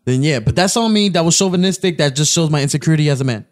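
A man's voice: on the high side, animated, rapid-fire. A man from Brooklyn, joking around in casual podcast banter. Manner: joking, self-mocking. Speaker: podcast co-host.

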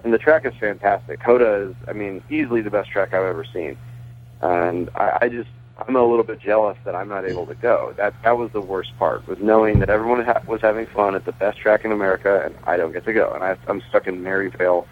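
A man's voice: fairly low pitch, quick pace. Chatty man on a tinny phone line. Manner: chatty, laughs often, restarts sentences. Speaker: baseball pitcher and racing team owner, guest. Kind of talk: casual phone interview. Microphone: phone call.

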